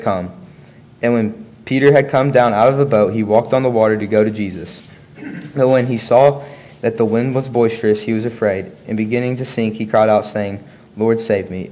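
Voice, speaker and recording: A man's voice: fairly low pitch, darkish tone. Earnest man preaching and reading scripture.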